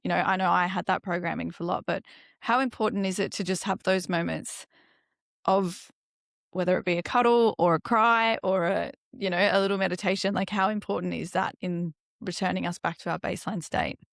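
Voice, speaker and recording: A woman's voice: on the low side, fairly even intonation, brisk, vocal fry, dry recording, studio quality. A woman hosting a podcast interview, asking questions in a reflective, conversational way with casual fillers. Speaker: podcast host.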